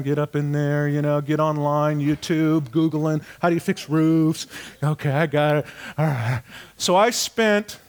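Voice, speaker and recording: A middle-aged male pastor giving a sermon, telling a personal story with animated delivery and acting out voices. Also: on the high side, smooth.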